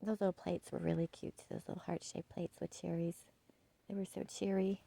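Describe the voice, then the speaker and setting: Gushing woman with a gravelly edge. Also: fairly low pitch, flat delivery, fairly quick, no echo, low-quality recording. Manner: gushing and soft-spoken, often dropping to a hush. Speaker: home decor vlogger. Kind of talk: casual shopping haul chat.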